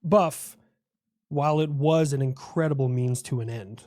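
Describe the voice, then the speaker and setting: A boastful, lecturing male personification of America, voiced by a man in a comedic cartoon skit. He explains things at length in a mid-pitched voice, recorded close and dry. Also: measured pace, a little mellow, no room sound, lightly acted. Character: proud personified United States, male, lecturing. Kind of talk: comedic animated skit dialogue.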